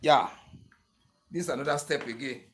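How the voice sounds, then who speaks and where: A man's voice: medium pitch, normal speed, a little hiss or hum. A man giving a hands-on tutorial, repeating each step and often asking whether the viewer can see what he is doing. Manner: repetitive step-by-step instructions, keeps checking the viewer follows. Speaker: barber tool instructor.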